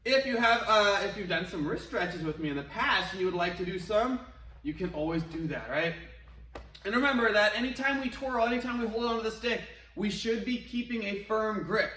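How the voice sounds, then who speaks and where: A man's voice: sits high, expressive, brisk, bright, forceful tone. A male martial arts instructor, coaching an online class in an upbeat, encouraging way. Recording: echoey room, mic at a distance.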